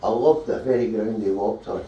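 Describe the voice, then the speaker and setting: A man with a Scottish accent doing a stand-up comedy set with deadpan delivery. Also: lowish voice, normal speed, muffled recording. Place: small live comedy venue. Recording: roomy hall, voice from a distance.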